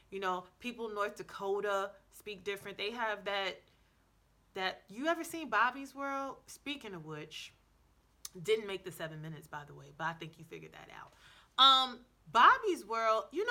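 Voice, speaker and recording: A woman giving casual advice in a vlog, chatty and playful, filling her talk with "like" and correcting herself as she goes. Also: medium pitch. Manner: chatty, many "like"s and self-corrections; lively, playful asides. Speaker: language-learning vlogger.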